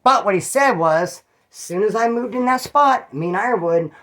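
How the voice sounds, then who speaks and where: A man's voice: high-pitched, lively intonation, moderate pace, a bit bright. A man from California telling stories in a casual, rambling way, full of street slang and swearing. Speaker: channel host telling prison stories. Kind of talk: casual storytelling.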